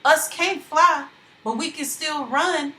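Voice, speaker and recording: Brief: woman playing an urgent, commanding man in dialect, bright and high. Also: expressive, unhurried. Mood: shouting. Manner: Southern dialect, forceful. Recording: echoey room.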